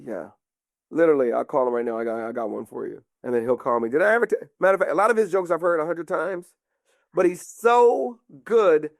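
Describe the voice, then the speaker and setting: Gravelly-voiced man telling stories. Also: on the high side, brisk, dry recording, studio quality. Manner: animated, acts out voices in stories. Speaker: comedian and guest. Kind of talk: casual storytelling chat.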